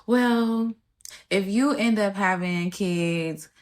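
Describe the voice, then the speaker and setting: A woman voicing her tearful teenage daughter, who is nearly sixteen, in a quick, pleading way. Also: medium pitch. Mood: upset, pleading.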